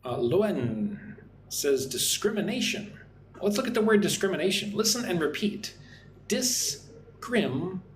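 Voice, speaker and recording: A man teaching an English lesson on a livestream, chatting with viewers and modelling pronunciation slowly, often asking "right?". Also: high-pitched, sing-song, slight background noise. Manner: friendly, repeats "right?" often, slow careful modelling of words. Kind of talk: live-streamed English lesson. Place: home in Vietnam. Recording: echoey room with faint ambience.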